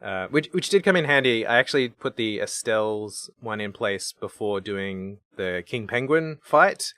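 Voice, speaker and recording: A man co-hosting a podcast, chatting about a video game in a relaxed, rambling way. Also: lowish voice, moderate pace, no room sound, studio quality. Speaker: podcast co-host.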